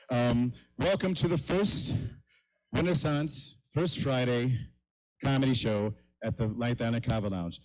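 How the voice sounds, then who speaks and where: A man's voice: mid-range voice, a little mellow, low-quality recording. A middle-aged man hosting a live comedy show in a kava lounge, rambling and mocking himself with stumbling restarts.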